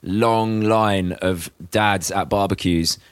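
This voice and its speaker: A man with a very deep voice, recorded close and dry. He chats casually with a sardonic, mocking edge. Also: steady tone, takes it slowly, clear, resonant tone, dry recording. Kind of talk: casual chat.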